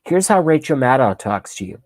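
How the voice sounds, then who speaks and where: A man's voice: medium pitch, big pitch swings, fairly quick, dry recording. Profane, agitated man ranting to a webcam. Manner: agitated and profane, swinging between shouting and hushed whispers. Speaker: channel host ranting on camera. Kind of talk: comic political rant.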